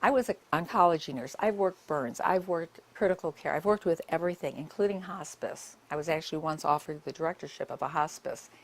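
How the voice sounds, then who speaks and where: A woman's voice: sits low, fairly quick, hardly any pauses. An older woman, a nurse, giving a public talk and telling her stories in a conversational way with many asides.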